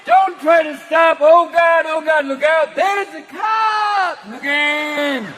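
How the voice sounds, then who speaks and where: A meandering folk-singer navigator drones out directions in a nasal, sing-song drawl, as a man puts on the voice. The pitch sits very high and the tone is bright and sharp, with a faint crowd behind. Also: takes it slowly, full character voice.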